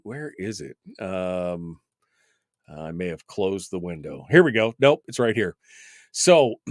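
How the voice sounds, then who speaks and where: A man's voice: fairly low pitch, no room sound, studio quality. A man in his fifties hosting a talk radio show, delivering a wry, exasperated, rambling monologue full of asides. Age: 50s.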